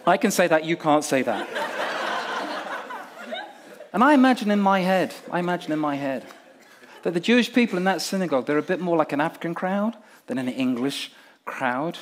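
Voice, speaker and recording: A man from Nigeria preaching a sermon in an animated, humorous way, acting out crowd responses. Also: a little high, normal speed, long pauses, a little hiss or hum.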